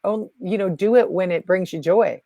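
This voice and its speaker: A woman guest speaking in a calm, reassuring coaching manner in casual conversation. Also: mid-range voice, moderate pace, no room sound. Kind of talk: casual spiritual chat.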